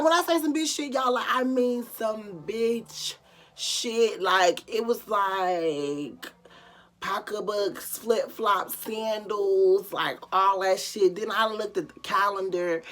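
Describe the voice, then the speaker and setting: Bright-voiced young woman telling a story. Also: fairly low pitch. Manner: animated, profane, dramatic voice swings. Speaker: vlogger. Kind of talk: casual storytime.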